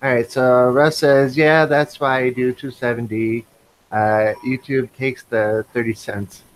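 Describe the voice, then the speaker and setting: Man, livestream co-host, reads chat aloud, relaxed, mid pitch. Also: a little slow, low-quality recording.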